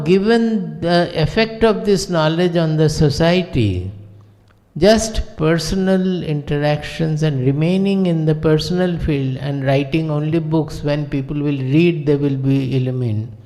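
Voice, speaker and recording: Slow Indian man giving a spiritual discourse. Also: a little high, a little mellow. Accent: Indian English. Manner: measured, deliberate, in short broken phrases. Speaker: spiritual teacher. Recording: long hall reverb.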